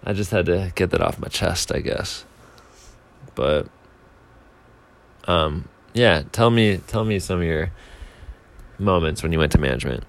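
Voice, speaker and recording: A man's voice: low-pitched, a little slow, vocal fry, long pauses. A young man telling a casual, self-mocking story, rambling along with filler words and restarts. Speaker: speaker telling a timed anecdote.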